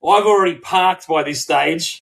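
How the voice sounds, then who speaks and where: A middle-aged Australian man co-hosting a podcast, telling a story in casual chat, swearing freely and acting out quotes in animated bursts. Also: on the high side, moderate pace, vocal fry, rough recording. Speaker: podcast co-host.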